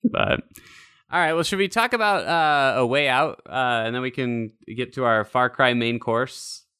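A man's voice: medium pitch, measured pace, sharp tone, smooth, no room sound, clean studio sound. A man from Utah hosting a casual podcast chat, telling rambling self-deprecating stories and swearing casually. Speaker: podcast host.

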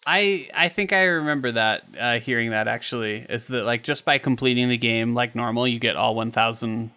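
Male podcast co-host, bright tone, joking casual banter. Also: medium pitch, normal speed. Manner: joking, laughs often, swears casually. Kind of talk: casual chat.

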